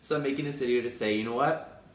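A young adult male teacher vlogging in an enthusiastic, playful way. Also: fast. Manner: enthusiastic, playful, acts out high-pitched quoted voices. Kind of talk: upbeat casual vlog talk. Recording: echoey room.

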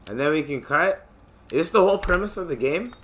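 A man casually commentating his gameplay, excitable and joking, with loud profane outbursts. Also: a little high, brisk, a little hiss or hum. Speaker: gamer and channel host.

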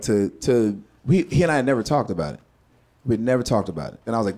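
Lively stand-up storyteller man. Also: lowish voice, fast talker. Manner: swings from hushed asides to loud, cracking punchlines; profane. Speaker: stand-up comedian. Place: comedy stage before a live audience.

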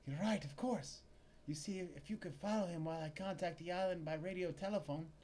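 A man voicing a nervous female spy working as a music shop clerk, high and trembling, slipping in foreign curse words. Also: a little fast, a little mellow, a little hiss or hum, lightly acted. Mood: scheming.

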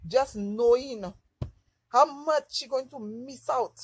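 A woman's voice: a little high, slow, a little mellow, a little hiss or hum, rough recording. A woman from Lucia, telling a candid, emotional story for her vlog. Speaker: vlogger.

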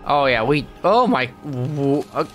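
A man's voice: mid-range voice, a little slow, faint music behind. A man voicing a grumpy, weary middle-aged male squid, grumbling sarcastic commentary while playing a game. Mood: bewildered. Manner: sarcastic, grumbling, deadpan asides. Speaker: let's play gamer. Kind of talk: character let's play commentary.

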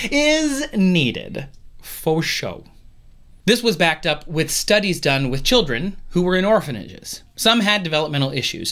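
A man's voice: high-pitched, fairly bright tone. A man hosting a science explainer video at home, talking casually with playful, jokey asides.

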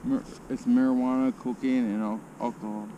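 Quiet, emotional young man. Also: medium pitch, little pitch movement, highs cut off. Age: young adult. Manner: quiet, halting, soft-spoken. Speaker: passerby in conversation. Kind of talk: casual street conversation. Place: outdoors in a city park in winter.

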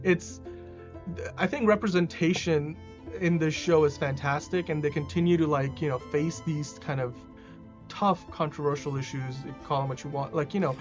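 A man with a slightly raised voice talks through a TV episode on a podcast. He rambles excitedly, piling up fillers and restarts as he goes. The recording sounds dull and lo-fi, with faint music underneath. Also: fairly high pitch, normal speed. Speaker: podcast host reviewing a TV episode. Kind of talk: casual conversational review.

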